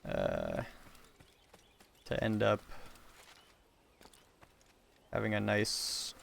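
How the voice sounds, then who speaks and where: A man's voice: lowish voice, huge pitch swings, slow pace, creaky, fairly bright tone, a little hiss or hum. Young man rambling while streaming a game. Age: young adult. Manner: rambling, profane, self-mocking. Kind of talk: casual rambling commentary while gaming.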